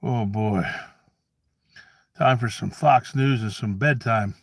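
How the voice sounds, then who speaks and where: A man's voice: high-pitched, expressive, measured pace, dry recording. A man voicing a preachy, forgetful old grandfather who rants, stammers and drifts into rambling asides in a satirical comedy monologue.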